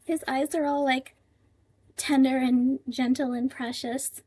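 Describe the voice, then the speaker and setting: Chatty higher-voiced woman, slow and thoughtful. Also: steady tone, darkish tone. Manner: thinks aloud while translating, many fillers, emotional. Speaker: livestream translator. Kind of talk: casual live-stream chat.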